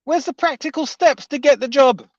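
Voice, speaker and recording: A man's voice: very high-pitched, normal speed, dry recording. A man delivering a heated, indignant reaction rant as an online commentator, often repeating his points. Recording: dull, dry lo-fi audio.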